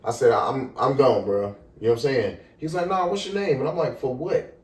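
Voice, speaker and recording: A young man casually telling a story on a podcast, animated and profane, acting out the people in it. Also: medium pitch, normal speed. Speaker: podcast co-host. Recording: echoey room, far from the mic.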